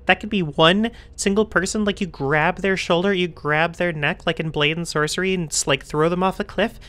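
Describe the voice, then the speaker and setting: A woman's voice: on the low side, steady tone, moderate pace, fairly bright tone. A woman casually commenting while she plays a video game, goofy and chatty, joking with the characters. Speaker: game streamer. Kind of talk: let's play commentary.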